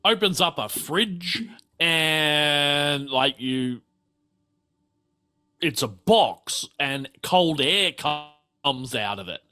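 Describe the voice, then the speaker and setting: A man's voice: fairly high pitch, pushed and bright. A man narrating a tabletop game as game master, rambling along with lots of fillers and restarts.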